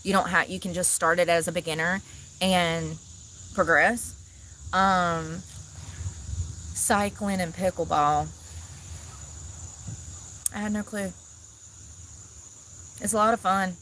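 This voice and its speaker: A woman vlogging casually outdoors in the mountains, chatty and animated as she talks to viewers. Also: lowish voice, unhurried, pauses often, rough recording. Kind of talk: casual outdoor vlog chat. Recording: outdoor noise, crickets audible.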